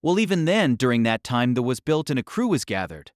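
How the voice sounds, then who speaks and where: A man narrating a light novel audiobook in an expressive storytelling manner. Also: medium pitch, fairly quick, dry recording, studio quality.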